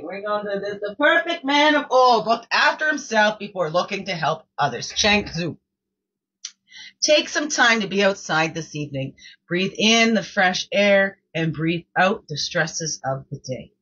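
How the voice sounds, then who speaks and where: A woman's voice: mid-range voice, animated, moderate pace, pushed and bright, lo-fi sound, a little hiss or hum. A woman hosting her own daily reflection show, reading quotes and chatting casually, often repeating words and asking "right?".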